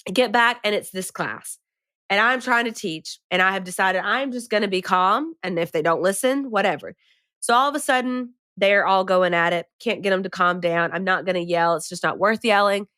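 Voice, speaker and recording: A young woman co-hosting a podcast, telling a classroom story in a lively, dramatic way. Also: mid-range voice, no echo, clean studio sound. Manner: animated, dramatic retelling with rising emphasis. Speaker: podcast co-host. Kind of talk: casual storytelling chat.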